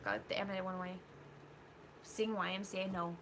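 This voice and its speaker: A woman's voice: medium pitch, fairly even intonation, fairly quick, fairly bright tone, a little hiss or hum. A woman co-hosting a casual live-stream chat, blunt and opinionated. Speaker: podcast co-host.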